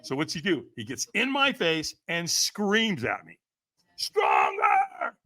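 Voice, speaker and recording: He speaks a little slowly in a fairly high, sharp-toned voice with huge pitch swings. As a podcast guest telling an animated, energetic story, he voices the people he quotes, laughs often and keeps returning to "man" and "right?".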